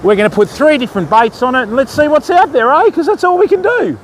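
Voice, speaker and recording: A high-pitched man talks fishing gear while he casts from a stormy beach. His easygoing live-stream chatter greets viewers by name and keeps calling them mate. Faint wind and surf hiss sit under his voice. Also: lively intonation, fast. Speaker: fishing livestream host.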